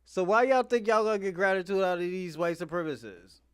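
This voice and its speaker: A man's voice: high-pitched, fairly quick, smooth. A man hosting casual commentary on clips, laughing often and swearing freely. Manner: laughing often, profane, animated. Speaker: host.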